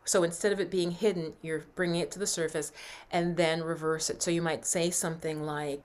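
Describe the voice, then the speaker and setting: A woman mindset coach talking earnestly to her viewers, guiding breathing and affirmations in a slow, soft voice. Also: lowish voice, steady tone. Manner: earnest, encouraging, slows and softens for breathing exercises. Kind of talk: coaching talk with guided affirmations.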